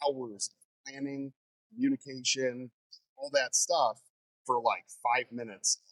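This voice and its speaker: A man who teaches fire training, telling stories in a casual interview in a lively way. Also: mid-range voice, slow, no echo, low-quality recording. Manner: animated storyteller.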